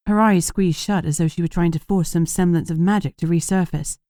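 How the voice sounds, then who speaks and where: Low, mellow woman audiobook narrator. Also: fairly even intonation, a little fast, few pauses, dry recording, studio quality. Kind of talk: scripted first-person narration.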